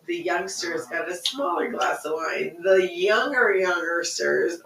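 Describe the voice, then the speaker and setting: A woman's voice: fairly low pitch, takes it slowly, vocal fry, a bit bright, distant mic. A woman co-hosting a casual podcast, telling a family story in a chatty way and laughing easily. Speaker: podcast co-host. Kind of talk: casual conversation. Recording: echoey, off-mic, faint background noise.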